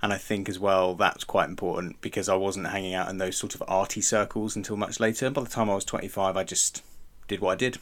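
Brief: man, lowish voice, rambling podcast co-host, trips over words, chuckles a lot. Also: fairly even intonation, quick pace, hardly any pauses, fairly bright tone. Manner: rambling, self-correcting, chuckling often. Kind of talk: casual chat.

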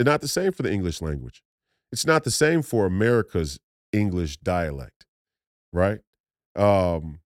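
A podcast host from Minnesota delivers an emphatic, preachy political monologue full of restarts and repeated phrases. His voice is fairly low in pitch, recorded at studio quality with no room sound.

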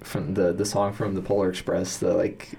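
A man's voice: low-pitched, level tone, moderate pace, gravelly, a loud crowd. A man hosting a casual staff chat, rambling with lots of filler words. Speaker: podcast host.

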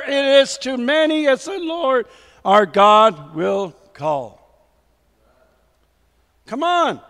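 High-voiced preacher man, slow and exhorting. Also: fairly bright tone, long reverb tail. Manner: exhorting, repeats "come on" to rouse the congregation; reads scripture aloud with emphasis. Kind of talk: sermon.

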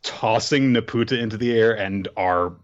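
A man's voice: lowish voice, normal speed. A man hosting a casual chat in which he recaps a story, talking chattily and animatedly and laughing often, on a dull lo-fi recording. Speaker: podcast host.

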